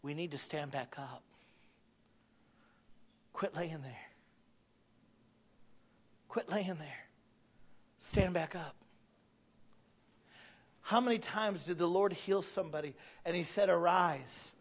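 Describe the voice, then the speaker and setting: A man in his thirties, a pastor, delivering an impassioned sermon that swings from hushed to loud, repeating key phrases. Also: fairly high pitch, takes it slowly, pauses often, breathy edge. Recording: dull lo-fi recording.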